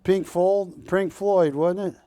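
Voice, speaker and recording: A middle-aged man calls bids on a live shopping broadcast, drifting into jokes and asides. His voice sits high and moves at an unhurried pace, recorded close and dry in the studio. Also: steady tone, warm tone, dry recording. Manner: chatty, jokey, rambling between bid calls. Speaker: auctioneer host of a shopping show. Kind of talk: live TV auction sales patter.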